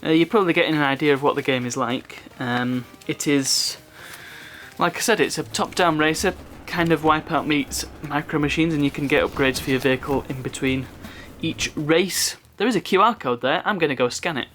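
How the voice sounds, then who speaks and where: A man's voice: a little high, moderate pace, fairly bright tone, faint music behind. A man casually chatting through an unboxing, rambling off on asides and chuckling at his own remarks. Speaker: unboxing video host.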